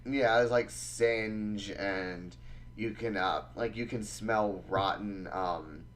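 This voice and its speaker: A man running a tabletop game as dungeon master, narrating combat in a relaxed, halting way. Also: fairly low pitch, slight background noise.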